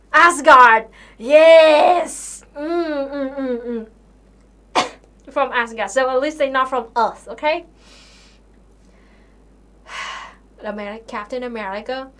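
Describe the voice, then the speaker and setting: High-voiced young woman hosting a casual live stream. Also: pushed and bright. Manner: chatty, full of fillers, incredulous and sarcastic, swears. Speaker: livestream host answering viewer questions.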